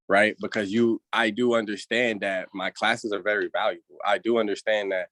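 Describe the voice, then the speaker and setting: A man's voice: on the low side, steady tone, brisk, few pauses, a bit bright, no room sound. A man working as a trading analyst, speaking earnestly and rambling, with spiritual asides. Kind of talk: casual livestream talk.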